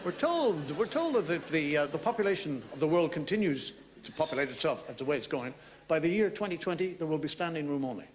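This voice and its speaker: A man's voice: fairly high pitch, lively intonation, fast talker, a little hiss or hum. A man doing a stand-up comedy monologue in a wry storytelling way, with mock-outraged asides. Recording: live theatre recording with loud audience laughter. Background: audience laughing.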